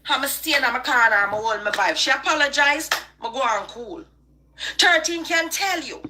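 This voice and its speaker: A woman's voice: sits high, expressive, moderate pace, background noise. A woman with a Jamaican accent, hosting a live stream and delivering a passionate, preachy rant. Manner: emphatic and preachy. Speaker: online live-stream host.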